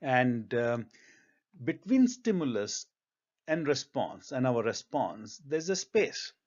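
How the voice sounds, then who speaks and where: A man giving career advice in a reflective monologue, speaking in a measured, thoughtful way with frequent ums and uhs. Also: mid-range voice, big pitch swings, darkish tone, lo-fi sound.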